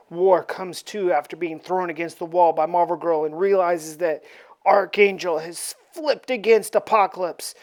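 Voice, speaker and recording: A woman's voice: medium pitch, darkish tone. A woman casually recapping a comic book issue in a slangy, offhand way.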